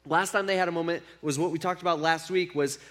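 A man's voice: a little high, steady tone, fast, a bit bright. A man preaching a casual sermon, retelling a story and acting out the speakers' lines in an everyday voice. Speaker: pastor.

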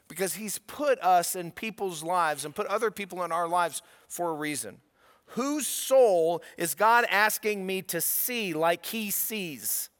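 A man preaching a sermon, emphatic, moving between quiet asides and raised, pointed questions. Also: sits high, big-room sound. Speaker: pastor.

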